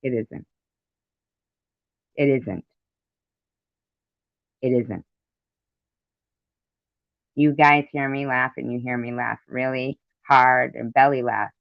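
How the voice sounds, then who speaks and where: The man's medium-pitched voice is gravelly and steady; he goes slowly and pauses often. As a commentary vlogger, he unleashes an indignant, profane, repetitive rant, captured in a dry, dull lo-fi recording.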